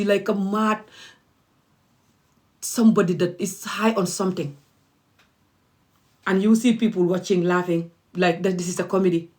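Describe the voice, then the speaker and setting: A woman's voice: fairly low pitch, normal speed, a bit bright. A woman, speaking as an activist vlogger in an impassioned, emphatic and repetitive monologue.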